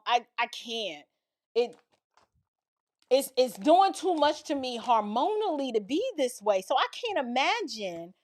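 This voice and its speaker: A middle-aged woman reacting to a clip with blunt, emphatic commentary. Her voice sits high, and her speech is loose and colloquial. She talks straight to her viewers. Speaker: political and cultural commentator.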